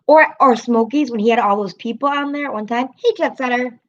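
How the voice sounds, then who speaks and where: A woman from an American city hosts her own livestream, rambling through casual chat, laughing often and swearing freely. Her voice is on the high side and a little fast, with lo-fi sound.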